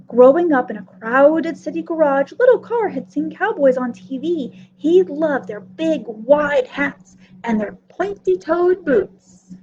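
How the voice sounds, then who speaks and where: A woman reading a children's story with a high, lively, singsong delivery. She paces the telling slowly and expressively. The recording is muffled and lo-fi, with a faint hiss. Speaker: children's librarian. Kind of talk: children's story time read-aloud.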